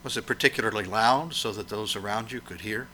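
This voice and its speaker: Bright-voiced preacher giving an emphatic sermon. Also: male voice, fairly low pitch, brisk, a little hiss or hum. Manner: emphatic, questioning, swells and drops for emphasis.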